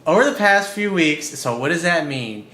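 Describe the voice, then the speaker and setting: A man's voice: on the high side, animated, moderate pace, sharp tone. A man working as a dating coach, reading out a viewer's email and breaking in with blunt, profane, emphatic comments. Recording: roomy with faint background noise.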